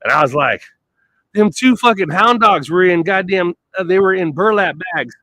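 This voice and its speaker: A man rambles through a blunt, profane monologue in a high-pitched, animated voice, bright and forceful, at a moderate pace. He swears constantly and wanders, trailing off before picking his thread back up. There's no echo, but the audio is poor.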